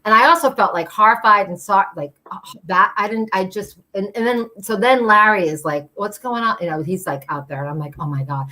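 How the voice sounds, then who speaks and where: A woman's voice: mid-range voice, fairly quick, sharp tone. Chatty woman telling a story. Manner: chatty, filler-heavy, acts out quoted voices. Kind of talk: live storytelling.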